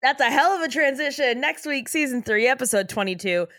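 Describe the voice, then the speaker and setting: A woman's voice: high-pitched, lively intonation, brisk, a bit bright, no echo, studio quality. A woman co-hosting a podcast, retelling episodes in a casual, laughing way. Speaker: podcast co-host. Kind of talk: casual recap chat.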